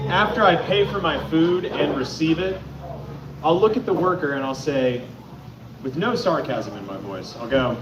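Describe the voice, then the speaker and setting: Guy doing standup in a club, kinda high voice, far off the mic, echoey and noisy. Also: highs cut off. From Atlanta, Georgia. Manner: loud, animated storytelling with sudden shouts. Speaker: stand-up comic. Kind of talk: stand-up comedy set. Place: comedy club on stage.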